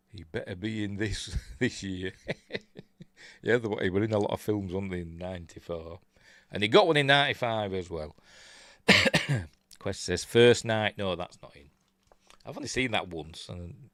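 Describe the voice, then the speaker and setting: An older Yorkshireman with a deep voice and a fairly bright tone hosts a rambling, chuckling live-stream chat, reading viewer comments aloud in his Yorkshire accent. The recording has no echo.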